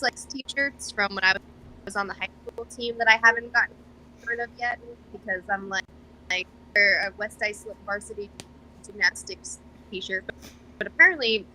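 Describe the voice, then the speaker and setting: A woman's voice: mid-range voice, sharp tone, a little hiss or hum, poor audio. A young woman guest on a podcast, chatting casually and rambling with lots of fillers and self-deprecating asides. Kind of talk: casual chat.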